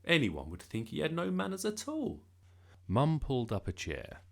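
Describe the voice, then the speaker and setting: Gravelly, lively storyteller man. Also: on the high side, moderate pace. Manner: lively, expressive. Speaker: narrator. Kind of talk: storybook reading.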